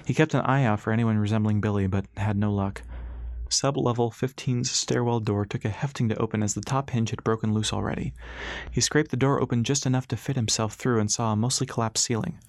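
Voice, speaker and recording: A man narrating an audiobook chapter in a steady, even reading. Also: fairly low pitch, fairly quick, no echo. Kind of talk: scripted narration.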